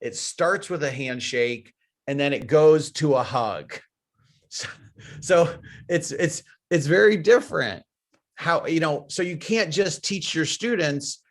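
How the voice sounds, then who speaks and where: A man's voice: a little high, lively intonation, takes it slowly. A man with an American accent giving a webinar lecture, explaining through step-by-step cultural examples and repeating key phrases. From United States. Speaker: guest speaker.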